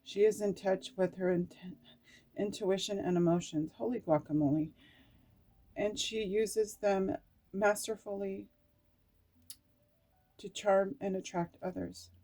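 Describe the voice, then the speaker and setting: A woman's voice: medium pitch, fairly even intonation, a little slow, long pauses, mellow. A middle-aged woman giving an emotional tarot card reading, reading card meanings aloud and breaking into laughs and tearful asides. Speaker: tarot reader.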